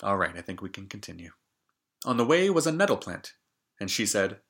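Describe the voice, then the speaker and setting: A man's voice: fairly low pitch, very animated, fairly quick, fairly bright tone, slightly rough. A man reading a fairy tale aloud, stopping often for joking comments on the story. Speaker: storybook reader.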